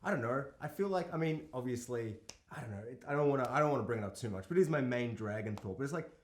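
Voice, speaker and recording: A man co-hosting a casual film discussion podcast, animated and incredulous, swearing and acting out lines from the film. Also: medium pitch, quick pace, slight background noise. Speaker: podcast co-host. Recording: echoey room.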